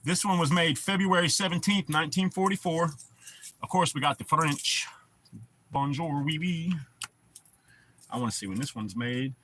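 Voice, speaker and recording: A man's voice: a little high, brisk, fairly bright tone, slight background noise. A man hosting a casual livestream, rambling in a laid-back way and swearing often. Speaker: livestream host.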